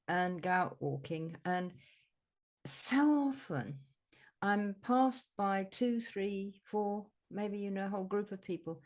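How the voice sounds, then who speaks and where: A woman guest, a psychotherapist, chatting casually in an interview and telling animated stories with laughs and mild swearing. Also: mid-range voice. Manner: animated storyteller, acts out voices, laughs and swears.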